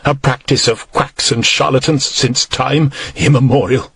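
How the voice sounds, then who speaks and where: A man's voice: medium pitch, fairly even intonation, measured pace, fairly bright tone, breathy edge, no echo, full character voice. A man voicing an earnest, hesitant country clergyman held captive, in an audiobook. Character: simple male country clergyman, earnest and brave.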